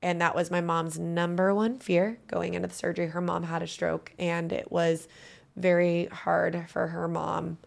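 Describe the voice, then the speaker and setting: Gravelly low-voiced woman telling her story. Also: flat delivery, normal speed. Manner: earnest, emotional storytelling. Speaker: guest. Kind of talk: personal testimony in an interview.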